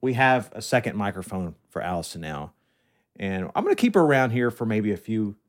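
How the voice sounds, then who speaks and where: A man's voice: lowish voice, sing-song, a little fast. A man hosting his podcast in casual chat, joking with a dry, sarcastic tone into a studio microphone. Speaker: podcast host.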